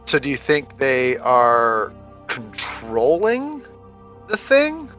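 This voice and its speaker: A man chatting with his tabletop group between turns, rambling and joking and laughing a lot. His voice is mid-pitched and lively, rising and falling freely. Faint music plays quietly behind him. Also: drawn-out words, low-quality recording. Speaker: tabletop game player. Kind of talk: casual chat between players.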